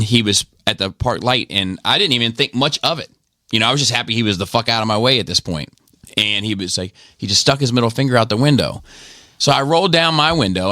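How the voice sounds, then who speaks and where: A man co-hosting a podcast, telling a road-rage story in casual chat, swearing freely and acting out the shouting. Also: lowish voice, dry recording, clean studio sound. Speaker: podcast co-host.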